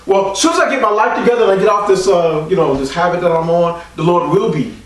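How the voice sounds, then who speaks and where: A man preaching a sermon as pastor, leading the congregation in call-and-response and rising at times to shouts. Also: high-pitched, fast, heavy reverb, far from the mic, rough recording.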